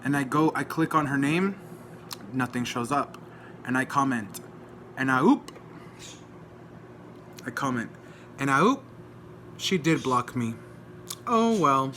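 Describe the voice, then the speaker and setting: Vlogger man from Dallas, forceful edgy voice, indignant rant, faint hiss behind. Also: medium pitch, steady tone, moderate pace, long pauses. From Dallas, Texas. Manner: agitated, indignant, retelling a dispute. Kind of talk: heated personal rant to camera.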